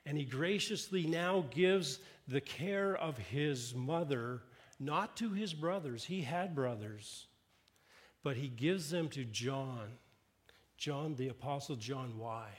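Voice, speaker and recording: A man preaching a sermon, retelling a story in earnest, his voice swelling with emphasis and dropping low and hushed for quoted words. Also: lively intonation, takes it slowly. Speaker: pastor.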